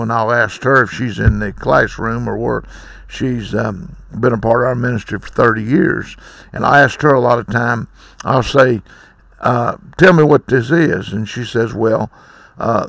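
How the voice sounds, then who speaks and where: Man preaching, gravelly voice, blunt scolding tone, dry close sound. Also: medium pitch, fairly bright tone, dry recording. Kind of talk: sermon.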